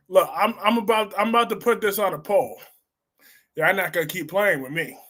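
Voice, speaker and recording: A man hosting a live stream, reading viewer comments and reacting in a sassy, blunt, animated way. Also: high voice, moderate pace. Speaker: host of a live soap opera discussion stream.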